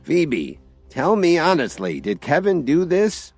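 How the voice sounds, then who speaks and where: A furious, quick-tempered older father who thunders his words, as a male narrator puts him on. His voice jumps up high and strains loud. Faint music plays beneath him in this audiobook drama. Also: huge pitch swings, full character voice. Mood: doubtful. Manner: shouting, thundering.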